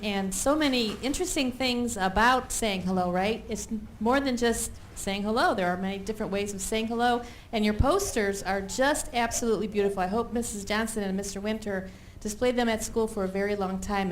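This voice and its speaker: A woman's voice: medium pitch, a little fast, a little hiss or hum. A woman on a school board, speaking in an encouraging, praising way to a group of children at a meeting.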